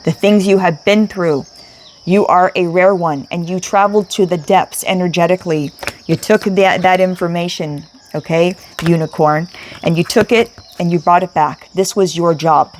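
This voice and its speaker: A woman's voice: lowish voice, moderate pace, a little hiss or hum. Emphatic woman giving a tarot reading. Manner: emphatic, repetitive, emotional, swears casually. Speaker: tarot reader. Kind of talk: spiritual tarot reading to camera.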